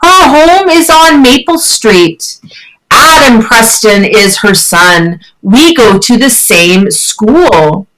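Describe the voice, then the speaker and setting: Woman teacher, lively pitch, slow deliberate pace, online lesson, encouraging questions. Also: low-quality recording.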